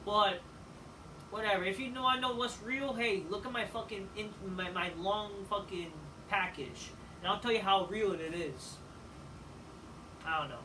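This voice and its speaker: A man giving a casual, rambling review of a wrestling show, swearing often and filling pauses with "like" and "you know.". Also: high voice, sharp tone. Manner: profane, rambling, with frequent fillers. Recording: distant mic with faint background noise.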